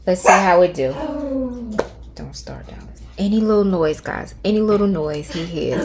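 A woman's voice: fairly low pitch, moderate pace, noisy background. A middle-aged woman hosting a casual screen-recorded tutorial from home, chatting with viewers and thinking aloud as she types. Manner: chatty, talks to viewers as "y'all"; thinks aloud while typing prompts. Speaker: tutorial host.

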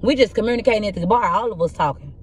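A young woman with a rough, husky voice at a middle pitch gives a casual tarot reading. She tells stories bluntly and profanely, with lots of animation. A faint hiss sits under her voice. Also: expressive, rapid-fire. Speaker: tarot reader.

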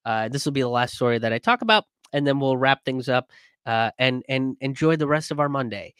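A man's voice: medium pitch, lively intonation, brisk, fairly bright tone, smooth, no room sound, clean studio sound. A man giving casual, rambling political commentary, sarcastic and sweary, with many fillers and restarts. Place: in a car.

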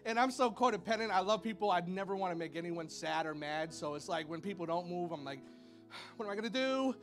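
This man, a pastor, keeps a fairly even intonation and a fairly quick pace as soft music plays. He's giving his congregation a chatty, playful sermon in the church sanctuary, heavy on "y'all" and "like," with high playful sound effects mixed in.

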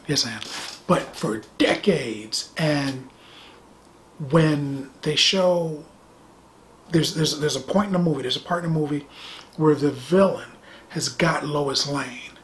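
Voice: medium pitch, slight background noise. A middle-aged movie reviewer talking casually and animatedly, with sarcastic asides and phrases repeated for effect.

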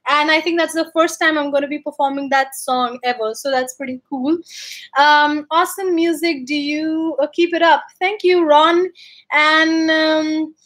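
Woman, high voice, casual livestream chat, chatty and upbeat, lots of ums, talking from her room at home. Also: fairly even intonation, a little slow, a bit bright. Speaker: bagpiper hosting a livestream. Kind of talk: casual livestream chat, reading viewer comments.

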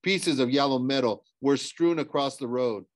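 A man's voice: mid-range voice, normal speed, no echo. Man, audiobook reader, first-person narration, hesitant, restarts lines, dry close mic.

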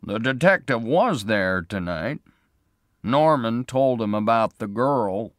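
A man playing a patient small-town sheriff who asks questions in a measured way. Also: mid-range voice, animated, no room sound, studio quality, pitched above the performer's own voice. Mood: explaining.

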